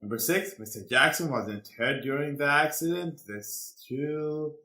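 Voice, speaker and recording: A man teaching an English lesson, slowly reading true or false statements and going through the answers. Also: fairly high pitch, expressive, bright, forceful tone, roomy sound. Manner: slow, deliberate, quizzing students. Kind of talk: classroom lesson.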